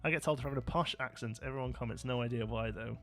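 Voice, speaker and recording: A man's voice: mid-range voice, fast talker, fairly bright tone. A man from Birmingham with a Brummie accent, hosting a live gameplay stream in a casual, chatty way, laughing often and answering viewer comments. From Birmingham, England. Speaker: livestream host.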